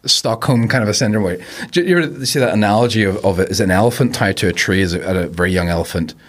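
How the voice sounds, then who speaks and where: A man's voice: on the low side, fast talker. A man talking as a podcast guest in casual conversation, reflective and rambling, laughing easily.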